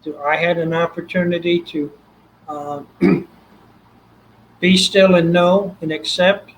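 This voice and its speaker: An older man from Texas with a Texan accent, a guest telling his story in an animated way and acting out the voices. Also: fairly high pitch, slow, slight background noise, low-quality recording. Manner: animated, acts out quoted voices. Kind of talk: storytelling interview.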